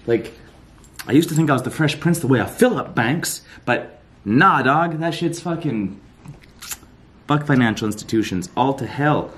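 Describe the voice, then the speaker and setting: A man vlogging casually, ranting and swearing with animated outbursts. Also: mid-range voice, moderate pace. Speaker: fitness vlogger. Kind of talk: casual vlog rant.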